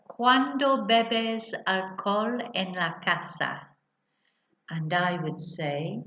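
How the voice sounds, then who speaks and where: A woman teaching Spanish, reading out questions and answers slowly and carefully for learners. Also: mid-range voice. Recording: echoey room, dull lo-fi sound.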